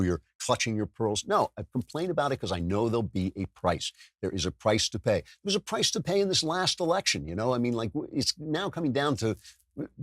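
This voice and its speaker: A man's voice: medium pitch, dry recording, clean studio sound. A man hosting a political talk show, delivering a sardonic, self-mocking monologue with frequent stumbles and restarts. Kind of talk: podcast monologue with ad read.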